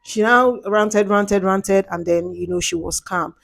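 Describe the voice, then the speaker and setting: A young Nigerian woman with a Nigerian accent gossips in a lively, dramatic way. Her voice sits at an ordinary middle pitch. The recording is close and dry, with no room sound. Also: unhurried, vocal fry, no echo. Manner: animated, dramatic gossip with Pidgin asides. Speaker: reality show commentator. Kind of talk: casual chat.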